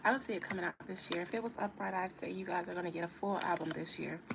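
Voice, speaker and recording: A woman's voice: fairly low pitch, quick pace, vocal fry, background noise. A woman giving a casual live-stream reading, chatting and teasing as she answers viewer comments. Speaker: tarot reader on a live stream.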